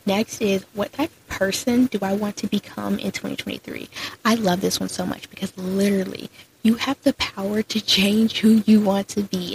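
A young woman talks through her solo podcast in a chatty, upbeat way, filling her sentences with "like" and "so". Her mid-pitched voice has a gravelly, creaky edge, and faint noise hums under the recording. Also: a little mellow, poor audio. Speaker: podcast host. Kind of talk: casual solo podcast chat.

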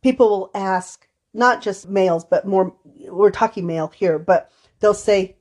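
A woman's voice: medium pitch, a little slow, a little mellow. A woman therapist co-hosting a podcast conversation, telling stories from her sessions and acting out the quoted dialogue. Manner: storytelling, acts out quoted dialogue. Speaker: therapist co-host.

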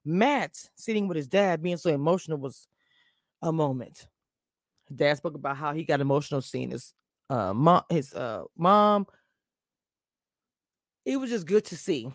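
A woman's voice: deep voice, lively intonation, measured pace, long pauses, dry recording, studio quality. A woman reviewing a reality show on a casual live stream, blunt and opinionated in her takes.

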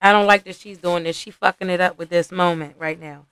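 A young woman with a lowish, brisk, clear and resonant voice hosts a podcast reacting to a reality show. She's animated and profane, addresses her viewers as "y'all," and the recording is dry.

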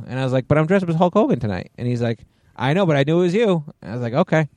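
A man's voice: fairly high pitch, lively intonation, rapid-fire, hardly any pauses, darkish tone, no room sound. A man in his forties co-hosting a casual podcast chat, blunt and dry, swearing casually. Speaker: podcast co-host.

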